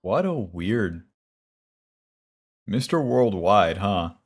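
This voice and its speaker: Male streamer, lower register, swears freely, wry and grumbly, casual chat while playing. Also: sing-song, extremely slow, husky.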